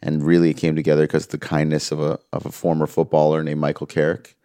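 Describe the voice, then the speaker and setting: A man with a bass voice talks fast, his tone clean and studio-quality with no room sound. He's a music manager appearing as an interview guest, telling an earnest story and quoting the people in it with lively voices.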